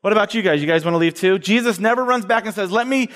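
A high-pitched male preacher gives an animated sermon to college students and acts out the voices he quotes. His voice rings with a long reverb from the large hall he speaks in. He talks like a campus minister addressing his students. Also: racing.

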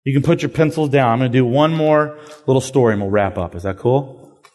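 A man preaching a sermon to a crowd, telling the story in a lively, casual way with slang. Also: mid-range voice, a little fast. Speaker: pastor. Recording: long hall reverb.

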